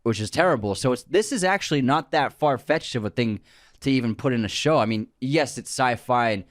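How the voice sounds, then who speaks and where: A man's voice: medium pitch, expressive, a little fast, dry recording, studio quality. A man co-hosting a podcast in casual chat, earnest and thinking aloud with frequent restarts. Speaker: podcast co-host.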